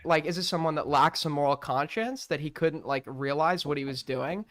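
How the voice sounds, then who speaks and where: A man's voice: a little high, moderate pace, fairly bright tone. Hesitant man hosting call-ins on stream. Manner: hesitant, many fillers and restarts. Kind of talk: casual live-stream call.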